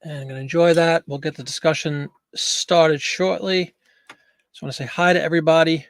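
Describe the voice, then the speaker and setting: A man's voice: a little high, steady tone, fairly quick, no room sound. A man hosting a casual live stream from a home studio, chatty and jokey, greeting viewers by name. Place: home studio with green screen. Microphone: desk microphone.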